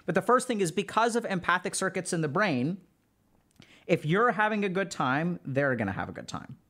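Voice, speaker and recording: A man's voice: high-pitched, big pitch swings, normal speed, bright, forceful tone. A man giving a casual spoken lecture to his live chat, loose and conversational with lots of filler words. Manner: loose and conversational, heavy use of "like". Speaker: streamer teaching social skills.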